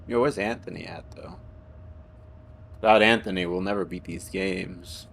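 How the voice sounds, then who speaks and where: A man's voice: low-pitched, normal speed, vocal fry, a bit bright, slight background noise. A man streaming a game live, chatting playfully and laughing as he stumbles over tongue twisters. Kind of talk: live gameplay commentary.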